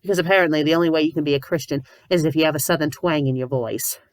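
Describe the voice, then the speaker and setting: A woman with covid reviewing fanfiction in a comedic, exasperated rant, sometimes breaking into shouts. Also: low voice, rapid-fire, no echo. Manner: exasperated, ranting, bursts into shouting; says "bloody" often. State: sick with covid, a little loopy.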